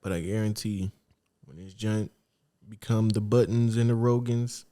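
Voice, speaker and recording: A young man co-hosting a casual podcast chat. He speaks in a relaxed, low-key way with slang, often restarting his phrases as he searches for the words. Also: moderate pace. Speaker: podcast co-host.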